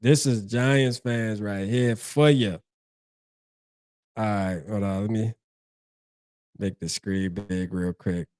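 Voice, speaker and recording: A man's voice: fairly low pitch, steady tone, slow pace, long pauses, darkish tone, clean tone, no room sound, clean studio sound. A man hosting a casual sports fan stream, talking in a laid-back, slangy way. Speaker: sports channel host.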